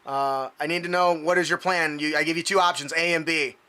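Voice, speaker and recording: A man's voice: fairly high pitch, fairly even intonation, a little fast, bright, forceful tone, clear, resonant tone. A man narrating a tabletop game as game master, loose and laughing, with plenty of fillers.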